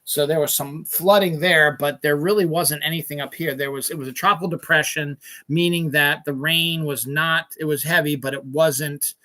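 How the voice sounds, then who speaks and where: Male podcast host, middle-aged, from Maryland: foul-mouthed ranting solo monologue, tense and bright tone. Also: on the high side, steady tone, moderate pace. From Maryland, USA. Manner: profane, ranting, swears constantly; rambling, searches for words.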